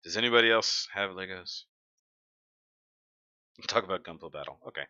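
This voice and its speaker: A man's voice: deep voice, animated, normal speed, pushed and bright, dry recording. A man hosting a casual live stream, chatting and joking as he reads comments aloud into a desk mic. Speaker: livestream host. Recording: dry, dull lo-fi sound.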